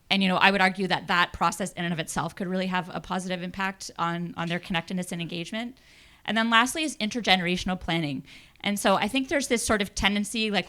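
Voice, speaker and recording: A woman's voice: lowish voice, a bit bright. A woman presenting a youth project's findings to a city, thoughtful with many fillers. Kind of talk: public presentation.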